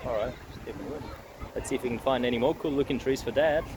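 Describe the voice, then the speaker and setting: A man, filming a relaxed travel vlog outdoors on a beach with a handheld phone, chatting and swearing mildly. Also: mid-range voice, a little fast. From Uzbekistan. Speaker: vlogger touring with his father. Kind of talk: casual travel vlog narration. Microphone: handheld phone camera. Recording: noisy outdoor phone recording.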